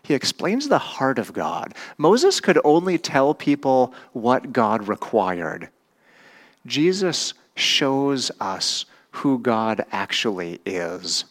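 Speaking slowly but with great animation, a pastor preaches in a conversational style and keeps putting questions to his listeners. He has a mid-range male voice.

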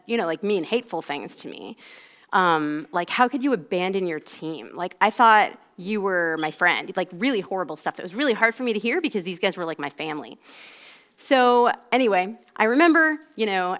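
A woman in her forties recounts a personal faith story in a relaxed, conversational way. She leans heavily on "like" and "you know" as she talks, and her voice sits at an ordinary pitch for a woman. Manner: conversational, heavy use of "like". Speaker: speaker giving a personal testimony. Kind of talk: casual spoken storytelling.

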